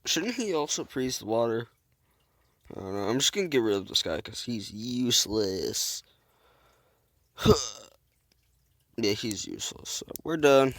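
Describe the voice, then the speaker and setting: Man, gameplay commentary, goofy, self-mocking, lively pitch, slow. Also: no room sound. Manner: goofy, rambling, self-mocking, with silly sound effects. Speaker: gameplay video host. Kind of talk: casual let's-play commentary.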